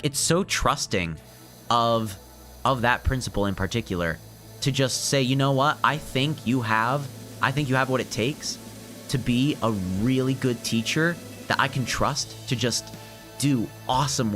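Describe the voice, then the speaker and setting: Young male teacher-streamer, sincere and choked up, mid-pitched voice, soft music underneath. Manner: emotional, earnest, laughing and choking up. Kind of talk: casual live-stream chat.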